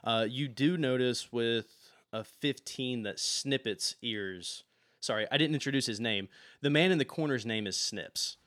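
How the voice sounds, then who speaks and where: Bright-voiced young man narrating a game. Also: mid-range voice, a little slow, dry recording, clean studio sound. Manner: relaxed, filler-heavy narration. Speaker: game master.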